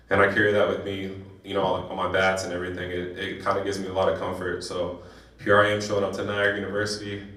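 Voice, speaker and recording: A young man from San Diego giving an emotional personal speech at a banquet, telling his story in halting bursts with restarts. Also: low-pitched, fairly bright tone. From San Diego, California. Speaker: guest speaker. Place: banquet hall. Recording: echoey hall, voice from a distance.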